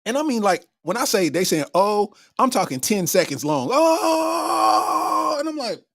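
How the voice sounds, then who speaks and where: His voice sits high and moves briskly as the Kentucky comedian host shares a funny tale, bouncing wildly in pitch and performing his own reactions. The casual telling is caught on a close, dry mic with no echo.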